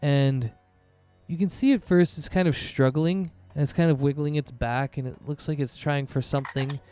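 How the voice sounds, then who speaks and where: A man's voice: fairly high pitch, fairly even intonation, normal speed, dark tone, clear, resonant tone, faint music behind. A man narrating a tabletop game as game master, in loose, chatty narration full of fillers.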